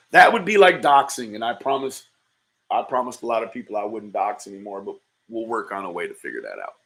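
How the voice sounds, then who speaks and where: A man's voice: fairly low pitch, very animated, a little fast, creaky, fairly bright tone. A man hosting a livestream, reacting to a played clip with profane, mocking insults and thanking his viewers. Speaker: livestream commentator.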